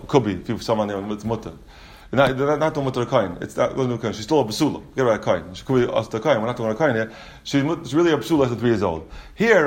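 A man teaching a Talmud class, reading out Aramaic passages and explaining them in English with quick repeated restarts. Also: medium pitch.

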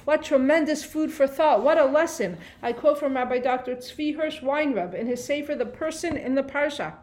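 A woman's voice: high-pitched, moderate pace, a little mellow. A woman giving a Torah lesson on the weekly portion. She asks rhetorical questions and translates Hebrew phrases line by line. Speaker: Torah teacher.

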